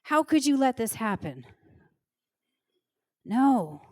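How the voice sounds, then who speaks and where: A middle-aged woman pastor preaching a sermon in an earnest, emotional way, slowing down to stress key words. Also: on the high side, big pitch swings, darkish tone, dry recording. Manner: earnest, emotional, slows down for emphasis. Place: church stage.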